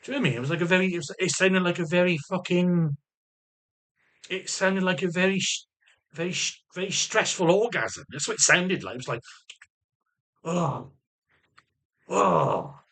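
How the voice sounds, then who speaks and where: A man's voice: sits high, fairly quick, a bit bright. A man vlogging in an unscripted, rambling, sweary way, repeating himself as he talks through his frustrations. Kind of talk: unscripted personal vlog.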